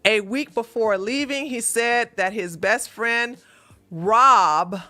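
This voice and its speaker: A woman hosts a relationship advice livestream, reading a viewer's letter and then answering with blunt, mocking sass. Her voice sits a little high, with a bright, forceful edge. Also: slow. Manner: blunt, sassy, mocking, laughing often.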